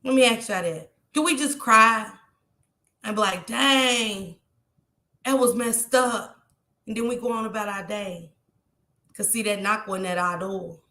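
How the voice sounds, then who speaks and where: This vlogger's voice is medium-pitched, bright and forceful, delivered at normal speed with noticeable reverb. During an emotional livestream, she speaks tearfully to viewers and reads their chat messages.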